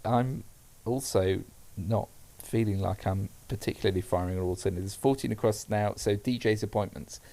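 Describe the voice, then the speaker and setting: A man, chatting casually while solving a crossword, reading the clues out slowly and chuckling along. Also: lowish voice, dark tone. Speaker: podcast co-host.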